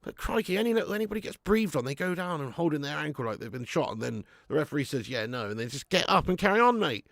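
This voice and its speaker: A man hosting a live football watch-along, excitable and sweary, breaking into shouts at the action. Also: fairly high pitch, fast talker, vocal fry, hardly any pauses, no echo, clean studio sound. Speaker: fan channel host.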